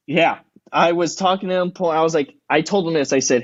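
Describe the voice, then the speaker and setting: A man's voice: fairly high pitch, fairly even intonation, a little fast, few pauses, no echo, dull audio. A man in his thirties, a podcast guest, telling stories in casual chat, acting out quotes and swearing a lot.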